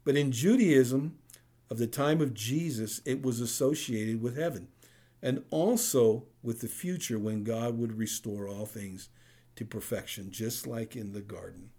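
Mellow-voiced man preaching a sermon. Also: mid-range voice, a little slow, husky. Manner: conversational preaching with frequent rhetorical "right?". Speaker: pastor.

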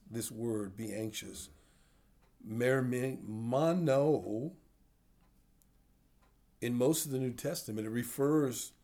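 An older man giving a sermon to a small group, talking in a plain, middle-pitched voice. He teaches conversationally and keeps checking in with questions for his listeners. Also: dark tone. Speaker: pastor.

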